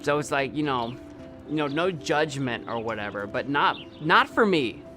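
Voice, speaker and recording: A young man chats his way through a video game on a live stream, rambling and answering his viewers. His voice sits at a middle pitch. Faint game music plays behind him. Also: moderate pace. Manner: rambling, chatty, talks back at the screen and chat. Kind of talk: live gameplay commentary.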